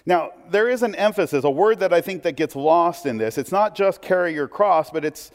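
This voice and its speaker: A man's voice: sits high, animated, moderate pace, hardly any pauses. A man preaching a sermon in a conversational way, with asides and restarts. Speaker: pastor. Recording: long hall reverb.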